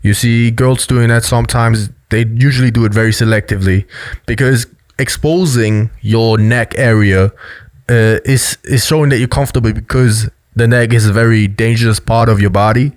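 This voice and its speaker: A man's voice: mid-range voice, steady tone, moderate pace, no echo. A man giving a loose, explanatory commentary on body language, full of fillers. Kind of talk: casual video commentary.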